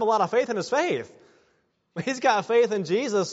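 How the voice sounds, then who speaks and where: A man's voice: high-pitched, expressive, fairly quick. A man preaching a sermon as pastor, earnest and building to emphatic exhortations. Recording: dull sound with long hall reverb.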